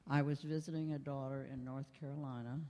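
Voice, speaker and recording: An older man slowly recalling a family story at a panel discussion, in an echoey hall. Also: mid-range voice, level tone, a little mellow.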